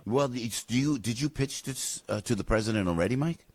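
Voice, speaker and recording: A middle-aged man hosting a radio interview, effusive and animated as he questions his guest. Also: mid-range voice, a little fast, slightly rough, no room sound. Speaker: radio host.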